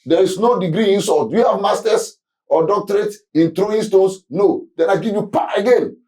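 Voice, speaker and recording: A man's voice: sits high, a little fast, a little mellow. A Ghanaian man, a guest on a talk show, telling stories from home and acting out the voices of his children and himself. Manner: acts out family dialogue, switching between English and Twi. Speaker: guest, youth movement leader. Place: studio.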